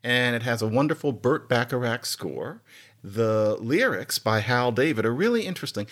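Chatty man giving a language talk. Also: medium pitch. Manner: animated and chatty, chuckles now and then. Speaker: podcast host. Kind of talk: informal language lecture.

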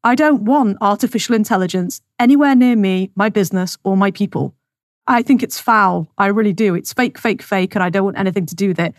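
A woman's voice: medium pitch, fairly quick, no echo. A woman rants through her podcast monologue, sarcastic and scornful, hammering home her points by repeating them. Her voice sits in an ordinary middle register and is recorded close and dry, with no room sound at all. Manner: scornful, sarcastic, emphatic repetition. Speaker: podcast host. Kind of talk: opinionated monologue.

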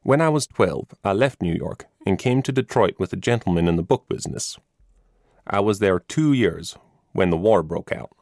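This is an eager young drummer boy from a storybook, as a man puts him on. He speaks with earnest, hopeful warmth and a pleading edge. The voice keeps a touch of low gravel and sounds dry and close. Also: animated, normal speed, dry recording.

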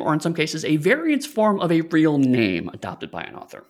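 A man co-hosting a casual podcast, teasing and quick-witted. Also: fairly high pitch, wildly swooping pitch. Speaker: podcast co-host.

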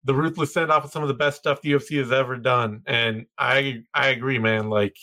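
A young man co-hosting a podcast, talking in quick, excited, rambling bursts. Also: medium pitch. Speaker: podcast co-host. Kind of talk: casual podcast chat.

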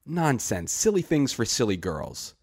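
A man reading a short story aloud and voicing a wary village herb woman who scolds in hushed tones. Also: sits low, normal speed, no echo, studio quality. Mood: urgent, scolding.

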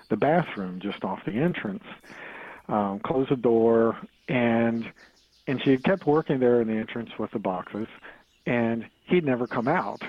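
Halting man telling a story on lo-fi audio. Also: mid-range voice. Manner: halting, repeats words and restarts often; chuckles through the story. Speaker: podcast guest telling a haunting story. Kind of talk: casual storytelling. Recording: dull lo-fi audio.

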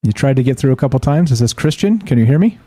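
A man's voice: medium pitch, animated, fast talker, warm tone, no room sound. A man hosting a live call-in radio show, talking casually and reading stories aloud, rambling with many fillers and restarts.

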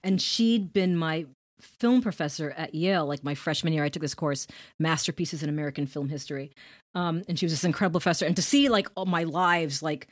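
Low-voiced woman guest telling stories. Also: fairly quick, no room sound, clean studio sound. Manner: relaxed storytelling, trailing off and laughing. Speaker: guest, novelist and actor. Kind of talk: casual interview chat.

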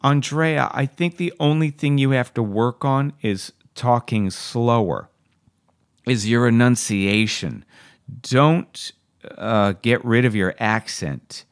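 A man's voice: medium pitch, slow pace, smooth, no echo, clean studio sound. A man hosting a podcast, giving passionate, opinionated advice to listeners. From Canada. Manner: passionate, ranting, emphatic. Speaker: podcast host answering listener questions.

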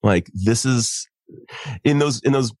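A middle-aged man, a psychologist and coach, explaining things in an animated way and laughing often during a conversation. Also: mid-range voice, slow pace, no echo, clean studio sound. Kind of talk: conversational podcast interview.

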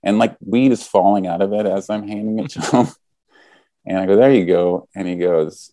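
A man's voice: on the low side, steady tone, moderate pace, mellow, no room sound. A man casually telling a story, acting out the quoted lines as he goes.

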